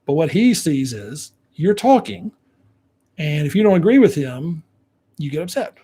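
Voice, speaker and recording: A man's voice: on the high side, big pitch swings, moderate pace, warm tone, husky. A man giving relationship advice to viewers, acting out what partners say to each other to explain how men hear it. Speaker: relationship coach.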